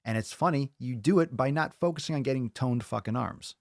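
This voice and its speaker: A man's voice: mid-range voice, brisk, vocal fry, no room sound, clean studio sound. A man hosting a fitness podcast in casual chat, ranting bluntly and swearing often. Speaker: podcast host.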